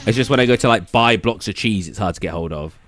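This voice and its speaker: A man's voice: lowish voice, fast, fairly bright tone, soft background music. A British man chatting casually on a live stream, rambling and reading out and answering viewers' messages. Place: indoors at a gaming computer.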